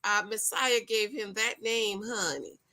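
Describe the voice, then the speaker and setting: Lively, laughing woman hosting a livestream. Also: mid-range voice, unhurried. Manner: animated, laughing, talks straight to viewers. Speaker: livestream host reading viewer comments. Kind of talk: casual livestream chat.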